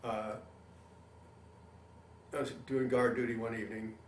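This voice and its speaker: An older man, a veteran, telling his war experiences in an oral history interview, lively storytelling that acts out what others said. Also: medium pitch, a little slow. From Canada. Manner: animated storytelling, acts out quoted voices. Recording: roomy, mic at a distance, faint hiss.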